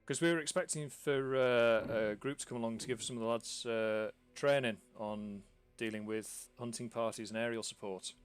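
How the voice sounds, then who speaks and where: A man voicing an older, bald male watch commander with a gruff, brusque voice. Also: medium pitch, fairly even intonation, moderate pace, hardly any pauses, faint music behind, close to an everyday voice. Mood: businesslike.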